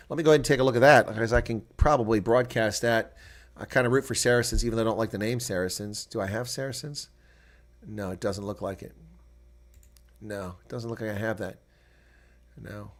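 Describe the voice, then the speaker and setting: A man with a fairly low voice calls a rugby match live on his own stream. He mutters while checking scores, then gets loud and excited when play heats up, arguing whenever a referee's call goes against his side.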